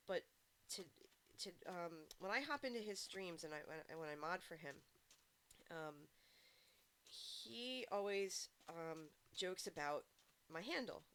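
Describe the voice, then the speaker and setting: A woman's voice: on the low side, bright, forceful tone. A woman chatting casually while streaming a game, rambling through stories and answering her chat.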